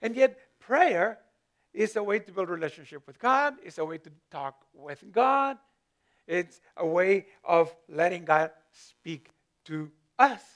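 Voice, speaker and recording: A man's voice: high-pitched, expressive, a little slow, a bit bright. A male pastor giving a conversational sermon, often repeating words as he searches for them and lifting his voice for emphasis.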